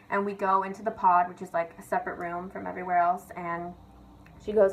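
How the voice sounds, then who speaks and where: A woman's voice: mid-range voice, level tone, brisk, a bit bright, slight background noise, rough recording. A young woman vlogger rants casually and confessionally, chatty and sweary, leaning on "like" and "literally". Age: young adult.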